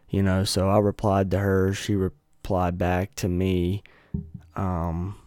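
A man with a very low voice hosts his podcast from a dry, close setting. He tells his story casually and sarcastically, shrugging things off. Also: a little mellow, dry recording. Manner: casual, sarcastic, swearing, laughs it off. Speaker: podcast host.

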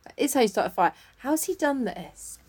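Lively, teasing woman. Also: fairly high pitch, moderate pace, husky. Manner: reactive, teasing, dramatic exclamations. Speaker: podcast co-host. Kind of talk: casual chat.

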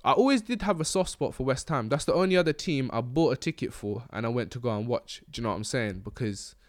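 Laughing a lot and full of slang, this young adult podcast host rambles through a casual chat. He talks fast in an animated, medium-pitched voice.

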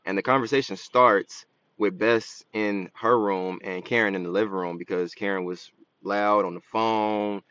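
A man's voice: on the low side, steady tone, moderate pace, a bit bright, no room sound, dull audio. A man co-hosting a podcast, telling a story in a laid-back, joking casual chat. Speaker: podcast co-host.

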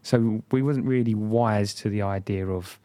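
Young male podcast co-host, lowish voice, stammers and restarts, dry close mic. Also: a little slow, dark tone, no echo. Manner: stammering, restarts words often. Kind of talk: casual podcast chat.

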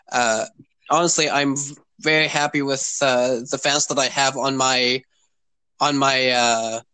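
A man's voice: mid-range voice, fairly bright tone, clean tone, no room sound, low-quality recording. A man in his twenties hosting a casual podcast. He rambles with many fillers and keeps asking "you know what I mean". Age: 20s. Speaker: podcast host.

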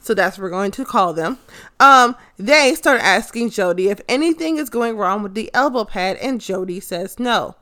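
Young woman chatting thru a wrestling recap, sharp bright voice, swears a lot, keeps forgetting names. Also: mid-range voice, normal speed. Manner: excitable, swears freely, loses track of names. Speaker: show recap host. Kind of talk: casual recap of a wrestling show.

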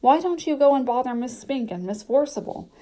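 A woman's voice: sits high, animated, brisk, warm tone, pitched above the performer's own voice. A woman voicing a busy father in a storybook, cheerful but curt.

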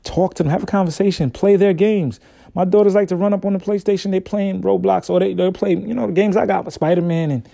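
A man's voice: sits high, expressive, fairly quick, vocal fry, warm tone, no echo. A man hosting a casual solo podcast, talking in a laid-back, slangy, conversational way. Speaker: podcast host, father.

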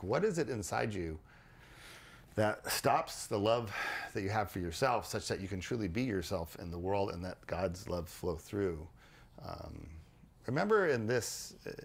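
A man hosting a podcast, explaining ideas in a casual, animated way with frequent restarts and repeated words. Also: fairly low pitch, normal speed, gravelly, breathy edge. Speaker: podcast host.

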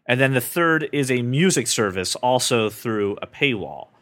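A man hosts a casual podcast with a very lively, swooping pitch. He jokes around and keeps cutting himself off mid-sentence. His delivery is loose and animated. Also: normal speed. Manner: joking, animated, self-interrupting. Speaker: podcast host.

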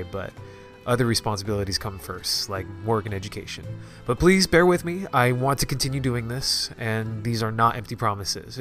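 A man hosting a casual solo podcast with a stuffy nose, talking in a halting way with lots of restarts. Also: lowish voice, fairly bright tone. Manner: halting, many fillers and restarts. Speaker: podcast host.

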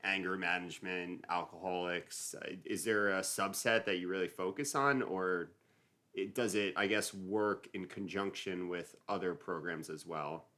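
A man's voice: low-pitched, steady tone, moderate pace, pushed and bright. A man interviewing a guest in a casual podcast conversation, self-deprecating and asking meandering questions.

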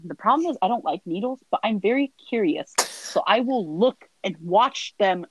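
Young woman telling animated stories, dry sound. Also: mid-range voice, normal speed, breathy edge, dry recording, low-quality recording. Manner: animated storyteller, acts out family quotes, sighs and laughs often. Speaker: guest. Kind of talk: casual podcast chat.

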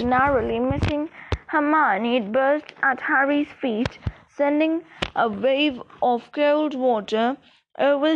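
Slow high-voiced woman reading aloud. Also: lo-fi sound, a little hiss or hum. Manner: slow, careful reading with small slips and restarts. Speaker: reader. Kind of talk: amateur audiobook reading.

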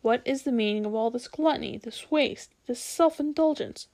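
A woman voicing a cruel, haughty witch queen in a storybook reading, giving slow, menacing commands. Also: on the high side, a little mellow. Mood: cold, commanding. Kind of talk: storybook read-aloud.

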